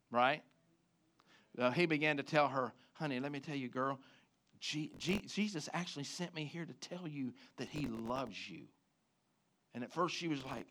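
A male pastor delivering an emphatic sermon to a congregation in church. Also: medium pitch. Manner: emphatic, rising to loud preaching.

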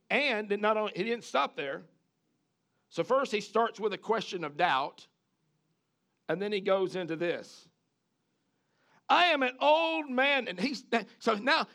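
Male preacher, high-pitched with a gravelly edge, animated sermon delivery that asks the congregation questions.

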